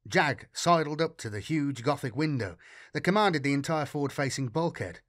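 Guy narrating a dark sci-fi audiobook, lively expressive reading, dry close mic. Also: on the high side, normal speed, dry recording. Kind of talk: scripted narration.

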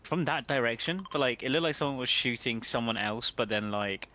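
A man's voice: a little fast, bright, forceful tone, a little hiss or hum. A man chatting casually while gaming with friends, swearing and teasing them. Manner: swears a lot, teasing, bursts into high laughs. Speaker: gaming stream squad member.

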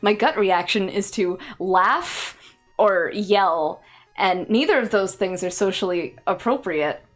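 A woman's voice: medium pitch, animated, slow, soft background music. Sarcastic young woman streamer. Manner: sarcastic, rambling, laughs between jokes. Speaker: VTuber streamer. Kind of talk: casual stream chat.

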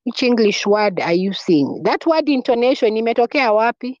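A woman teaches a French class, repeating key words, spelling them out and quizzing her students. Her voice is on the high side and a little mellow, with lively intonation and a moderate pace, in a dull lo-fi recording with no echo.

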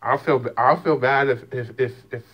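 A man's voice: medium pitch, steady tone, normal speed, a bit bright, husky. Man scolding his cats, stammering. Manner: scolding, teasing, stammering restarts. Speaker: cat owner talking to his cats. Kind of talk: casual talk to pets.

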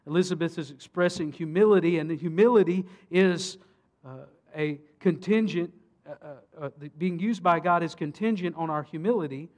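A man, a pastor, preaching a sermon and reading scripture, swinging between emphatic peaks and hushed solemn passages. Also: on the high side, moderate pace. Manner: rhetorical questions to the congregation.

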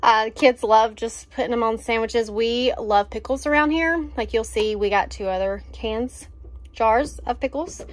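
A woman's voice: a little high, measured pace. A woman, chatting casually and enthusiastically about her groceries, with lots of fillers. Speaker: vlogger showing a grocery haul. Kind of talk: casual chat.

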